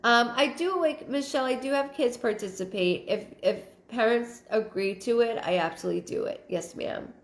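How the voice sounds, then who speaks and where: A woman's voice: on the high side, normal speed, few pauses. A woman psychic medium hosting a live stream, reading out viewer comments and thinking aloud in fragmented, repeated phrases. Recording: roomy echo.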